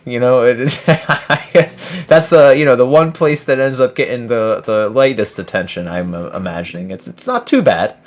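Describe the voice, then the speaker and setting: A man's voice: medium pitch, normal speed. A man hosting a live trading stream, chatting casually while reading viewer comments aloud and laughing often. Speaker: livestream host.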